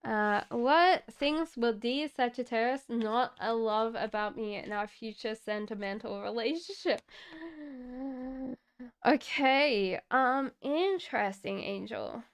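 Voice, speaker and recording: Slow, smooth-voiced Australian woman. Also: on the high side. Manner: chatty, laughs often, many fillers. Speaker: tarot reader. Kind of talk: live-stream tarot reading.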